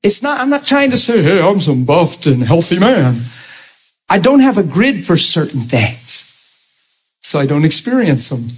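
A man in his forties, a preacher telling lively stories from the pulpit and acting out the dialogue. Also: high-pitched, a little slow, slightly rough. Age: 40s. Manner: animated, acts out dialogue with laughter. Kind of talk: storytelling sermon.

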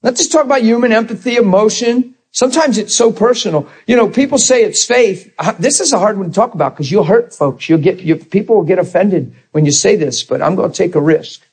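A man preaching a sermon in a conversational, animated way, acting out the people he quotes. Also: sits high, breathy edge, rough recording.

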